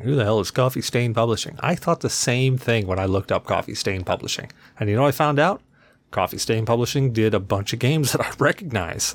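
A man hosting a podcast alone, rambling in a casual, self-deprecating way and swearing freely. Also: medium pitch. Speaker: podcast host. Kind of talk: casual solo podcast chat.

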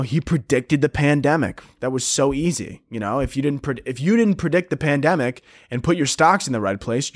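A young man hosting a solo comedy podcast, rambling and sarcastic, swearing often and breaking into squeaky mocking voices. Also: no echo, clean studio sound. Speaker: podcast host.

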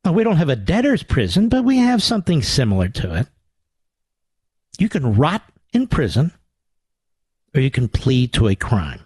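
A man's voice: on the high side, huge pitch swings, moderate pace, pauses often, darkish tone, breathy edge, no echo, heavily acted. A man playing a cold tax official who reads out code sections and talks down to the person he accuses. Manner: bureaucratic, clipped, condescending.

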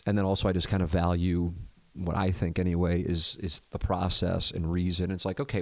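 A middle-aged man hosting his own podcast, talking in a calm, measured, conversational way. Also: deep voice, no echo. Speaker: podcast host. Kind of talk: casual solo talk and live read.

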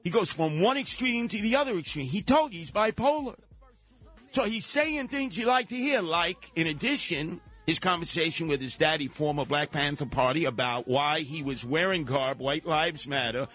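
A man with a voice on the high side hosts a talk radio show at a moderate pace, faint music playing behind him. He delivers an animated, opinionated monologue, mocking other people and mimicking their voices.

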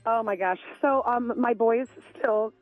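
A woman's voice: a little high, a little slow, soft background music. A woman, a mother, calling a radio show and chattily telling a story. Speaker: caller. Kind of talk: phone call to radio show. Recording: dull lo-fi phone audio.

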